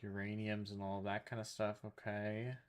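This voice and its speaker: A man's voice: fairly low pitch, monotone, normal speed, slight background noise. A man streaming a game, talking casually to himself and his chat as he looks up recipes. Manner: muttering to himself while looking things up; addresses chat. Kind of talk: casual gameplay commentary.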